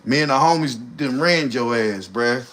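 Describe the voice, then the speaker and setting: A man roasting people on his livestream, animated and loud at times. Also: medium pitch, moderate pace. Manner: animated, shouting impressions. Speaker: streamer host.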